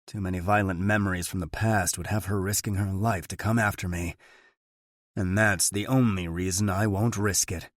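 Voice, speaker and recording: A man narrating a thriller audiobook in the first person, steady and measured. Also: sits low, dry recording, studio quality.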